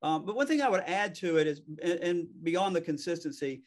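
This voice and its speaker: A man with a Southern US accent, a fast-talking real estate attorney chatting as a guest over a video call. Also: fairly high pitch, lively intonation. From American South. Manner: fast-talking, self-deprecating. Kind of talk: casual interview chat.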